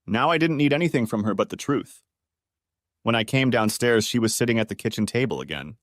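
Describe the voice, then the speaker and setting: A man reads a first-person revenge story aloud with bitter, dramatic delivery. His pitch moves in a lively way. The recording is close and dry, with no room sound. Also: fairly quick, no echo. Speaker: narrator. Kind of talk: first-person audiobook narration.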